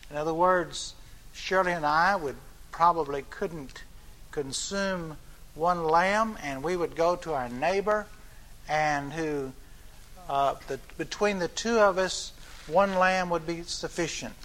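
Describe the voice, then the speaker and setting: Older male preacher, high voice, scripture reading, plain talk with restarts. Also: a bit bright. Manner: reads scripture slowly, then explains in plain talk with restarts.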